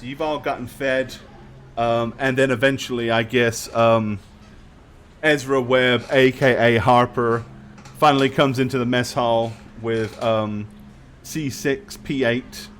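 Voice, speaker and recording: A man narrating as game master, describing scenes with hesitant pauses and restarts. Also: medium pitch, fairly even intonation, a bit bright, slight background noise.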